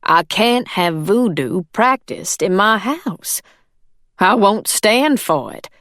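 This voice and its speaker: A woman voices a cool, firm wealthy employer, pitching her mid-range voice above her natural one in an exaggerated way. She speaks slowly with big pitch swings and a fairly bright tone, recorded clean in a studio with no room sound.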